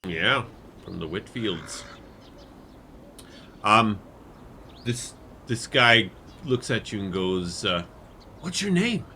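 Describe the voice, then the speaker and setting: A man's voice: fairly low pitch, slight background noise. A man running a tabletop role-playing game as game master, answering players and voicing the characters they meet. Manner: slow, lively delivery, voices non-player characters.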